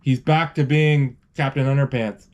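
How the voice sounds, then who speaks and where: A man's voice: medium pitch, steady tone, moderate pace, muffled recording. A man narrating a cartoon film live in a casual, rambling way, restarting words and reading out characters' lines. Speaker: movie describer.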